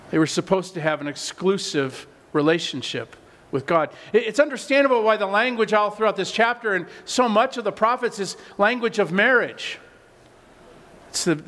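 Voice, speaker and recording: A pastor with a high-pitched voice delivers a sermon in a conversational, plainspoken way. He often stumbles over and repeats words as he builds emphasis. His voice trails off into the long reverb of a church sanctuary. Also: a bit bright.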